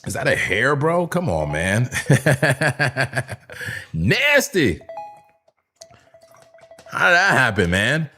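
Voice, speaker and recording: A man hosting a live crypto trading stream, excitable and casual, laughing often and bursting into shouts as he banters with his chat. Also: mid-range voice, extremely slow, pauses often, faint music behind. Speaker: crypto trading livestream host. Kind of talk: hyped live trading commentary.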